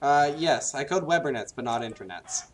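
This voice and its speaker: A man's voice: mid-range voice, lively intonation, normal speed. Joking man playtesting his game mod. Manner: joking, teasing, laughs often. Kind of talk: casual gameplay banter.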